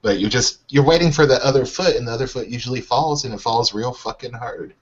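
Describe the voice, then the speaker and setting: A man's voice: medium pitch, fast talker, breathy edge. A man co-hosting a sports podcast, talking with wry, resigned humor. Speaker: podcast co-host. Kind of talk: casual sports podcast chat. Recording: dull lo-fi podcast audio.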